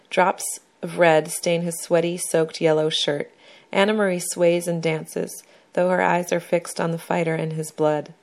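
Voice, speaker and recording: A woman reading her own first-person memoir aloud in a measured, even storytelling manner. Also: lowish voice.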